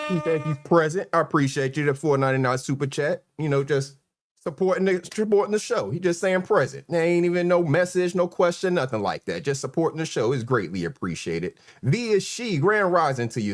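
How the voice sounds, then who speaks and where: A man with a North Carolina accent hosting a casual live stream, relaxed and chuckling as he greets viewers. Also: on the high side. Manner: laid-back, chuckling, shout-outs to viewers. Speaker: livestream host.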